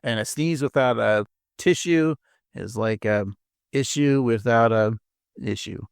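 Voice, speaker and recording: A man co-hosting a podcast in relaxed, rambling chat, laughing often. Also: mid-range voice, measured pace, vocal fry, clean tone, dry recording, clean studio sound. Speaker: podcast co-host. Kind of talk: casual chat.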